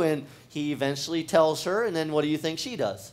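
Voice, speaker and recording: A man's voice: on the high side, brisk, darkish tone. A man, a pastor, preaching a sermon in a casual, conversational way, talking straight to the congregation and often restarting his phrases. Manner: talks directly to the congregation.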